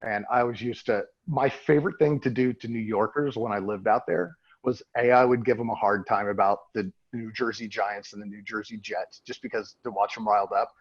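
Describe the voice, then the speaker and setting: A man hosting a casual podcast interview, laughing often and trading quick asides. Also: lowish voice, steady tone, slightly rough, highs cut off. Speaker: podcast host.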